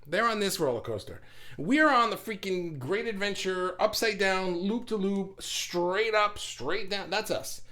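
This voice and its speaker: A man's voice: high-pitched, measured pace. Rambling man hosting a spiritual chat. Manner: rambling, animated, laughs and sighs often. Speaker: spiritual channel host. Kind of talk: casual livestream talk.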